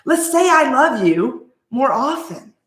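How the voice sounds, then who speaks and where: Speaking slowly in a high, sing-song voice with a fairly bright tone, this forties-aged life coach delivers an emphatic pep talk to camera, full of rhetorical questions. There's a roomy echo in the recording.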